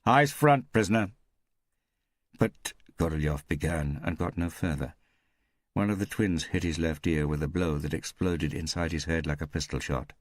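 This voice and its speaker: A man narrating a mystery audiobook in a measured, steady storytelling manner, recorded close to a studio mic. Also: very deep voice, no echo.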